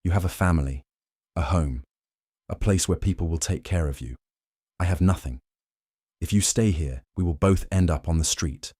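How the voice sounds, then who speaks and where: A male narrator voicing James, a young blacksmith who speaks quietly and states facts plainly. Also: low voice, normal speed, slightly rough, no echo, studio quality. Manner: quiet, matter-of-fact.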